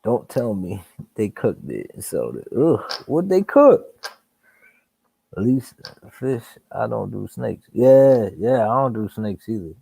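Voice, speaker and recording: A man speaks in on a casual live stream. His voice is gravelly and dark. He swears freely and laughs at his own stories, and the sound is dry with no room echo. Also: fairly low pitch, sing-song, takes it slowly. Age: adult. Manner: profane, laughing storyteller.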